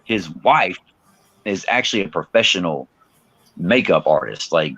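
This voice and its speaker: A man's voice: low-pitched, unhurried, slightly rough, no echo, highs cut off. A man, a rapper guest telling stories in casual interview chat and acting out quotes. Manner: animated storyteller, acts out quotes.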